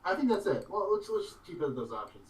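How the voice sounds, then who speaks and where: A man narrating as game master of a tabletop game, in a loose, halting way with many fillers and laughs. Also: high-pitched, big pitch swings, darkish tone, reverberant, distant mic, rough recording.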